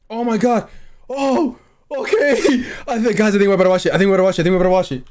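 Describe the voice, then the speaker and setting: A man hosting an anime reaction channel, giving live reaction commentary in excitable outbursts full of swearing and shouting. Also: high voice, very fast, a crowd in the background. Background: faint anime soundtrack playing.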